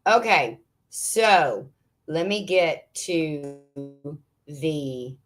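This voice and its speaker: A woman from Pennsylvania hosting a casual livestream chat, reading viewer comments and ranting in an exasperated, animated way with frequent laughs. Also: deep voice, drawn-out words, soft background music. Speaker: livestream host.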